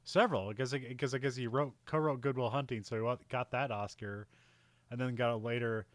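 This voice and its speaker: A man co-hosting a casual film podcast in a middle-range voice. He rambles through his thoughts, laughs often and gets animated when something excites him. The sound is close and dry, with no room echo. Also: mid-range voice, fairly quick. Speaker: podcast co-host.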